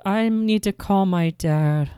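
A man voicing a cheeky young boy in an improv comedy scene, brash and deadpan about absurd schemes. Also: high voice, takes it slowly, clear, resonant tone, dry recording, voice pushed up. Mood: innocent.

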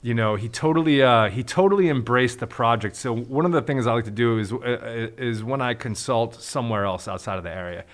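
A man's voice: medium pitch, a little fast, few pauses. A man, a restaurant owner, talking casually on a podcast, laid-back, with many fillers and some swearing.

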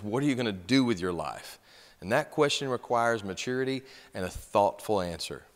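Low-voiced guy preaching, big echoey hall, leans hard on key words. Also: a bit bright. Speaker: pastor. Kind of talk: sermon. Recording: long hall reverb.

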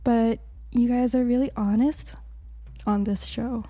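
A woman co-hosting a radio talk show, speaking softly and casually, sometimes slipping into a breathy whisper. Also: a little high, steady tone, unhurried. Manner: soft-spoken, giggly, drops into a breathy whisper. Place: Vancouver.

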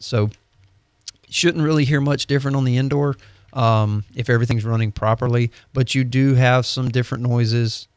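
A mid-range male voice with no echo comes from an HVAC company's guest expert. In casual radio chat, he explains heating and cooling matters at a steady clip, sprinkling in ums.

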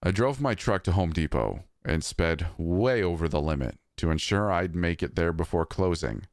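A man reading a scripted horror story in a measured, somber way. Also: sits low, expressive, no room sound, clean studio sound.

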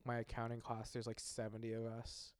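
A man's voice: mid-range voice, completely flat delivery, fairly quick, heavy background noise. A young man hosting a podcast, chatting casually in a loose, joking way with plenty of swearing. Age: young adult. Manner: loose, profane, rambling, jokey. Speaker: podcast host. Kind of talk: casual chat.

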